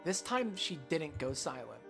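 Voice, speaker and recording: A man's voice: a little high, sing-song, a little slow, creaky, music in the background. A man streaming as he reads a visual novel aloud, reacting with outraged swearing.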